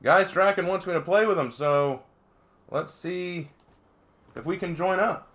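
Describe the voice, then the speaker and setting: A man streaming a game with casual commentary, chatty and quick to laugh, telling stories with energy. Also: high-pitched. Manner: chatty, laughs often, animated storytelling.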